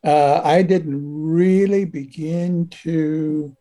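Slow, earnest man preaching. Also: on the high side, fairly even intonation, warm tone. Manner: slow, earnest, with rhetorical questions. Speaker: Christian teacher. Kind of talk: prayerful sermon teaching.

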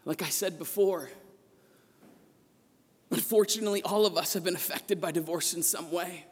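A man preaching a sermon as a priest, telling a personal story with passion and rising to shouts at the peaks, recorded in a church. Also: high voice, moderate pace, breathy edge. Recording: long echo of a large church.

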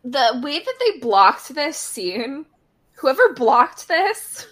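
Woman podcast co-host, high-pitched voice, chatty and amused, quick wry jokes. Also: sing-song, a bit bright. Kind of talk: casual chat recapping a TV episode.

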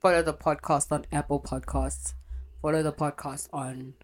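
Low-voiced young woman. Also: fairly even intonation, normal speed. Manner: blunt, swears freely, candid. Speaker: podcast host. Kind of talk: confessional solo podcast.

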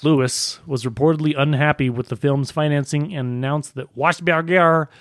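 A man's voice: a little high, steady tone, dry recording, studio quality. Man stumbling through a read-aloud. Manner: reads aloud haltingly, stumbling over words. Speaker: podcast co-host reading news items. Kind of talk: casual comedic podcast banter.

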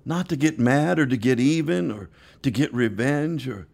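Gravelly male pastor telling funny stories. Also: mid-range voice, moderate pace. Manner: chatty, laughs through his stories, animated voices. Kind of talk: storytelling sermon podcast.

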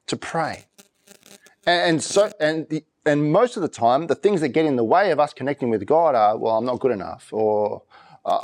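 A pastor preaching a conversational sermon, reading scripture slowly and with emphasis. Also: male voice, mid-range voice, a little mellow.

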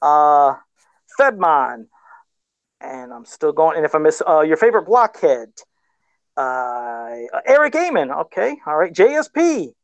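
A man's voice: fairly high pitch, very animated, a little slow, dry recording, dull audio. A man co-hosting a casual live stream about toys, talking in a rambling, chatty way full of fillers. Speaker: co-host of a toy-collecting live show.

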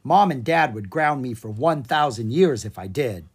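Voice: mid-range voice, expressive, moderate pace, slightly rough. A reader voicing a bold, scheming young girl dragon who talks confidently and bossily, in a children's storybook reading. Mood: cocky. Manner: confident, bossy, cheerful.

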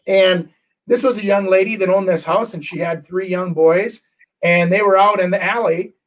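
A middle-aged man, a real estate agent, telling a story in casual chat, animated and full of restarts. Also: high voice, moderate pace, distant mic, poor audio. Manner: animated, acts out quotes, many restarts.

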